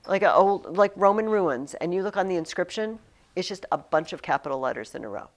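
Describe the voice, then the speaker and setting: A woman's voice: fairly low pitch, lively intonation, a little fast. A woman teaching a Latin class to students, chatty and emphatic, with frequent fillers and restarts. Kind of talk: classroom lesson.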